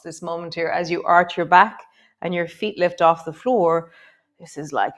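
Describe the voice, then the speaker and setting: A woman with a slightly low voice leads a live yoga class. She gives gentle, encouraging cues and drops in chatty asides between them. Her delivery slows and softens as she guides each movement. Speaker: yoga teacher.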